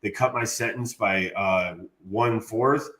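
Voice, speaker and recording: A man, an interview guest, telling a long story in a casual, animated way and saying "bro" a lot. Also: fairly low pitch, slow pace. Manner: animated, slangy, says "bro" often.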